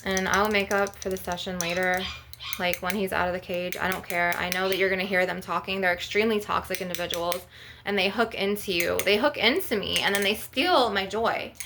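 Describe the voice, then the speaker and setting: A woman's voice: medium pitch, steady tone, fairly quick, noisy background. Anxious, rambling woman venting. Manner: anxious, rambling, swears a lot. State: anxious and stressed. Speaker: spiritual vlogger. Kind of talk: emotional venting vlog.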